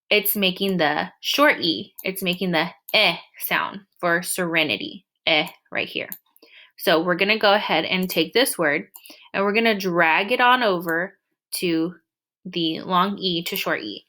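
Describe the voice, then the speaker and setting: A young woman teacher walking through a screen-recorded lesson, patiently explaining and drawing out example words slowly. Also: on the low side, pushed and bright.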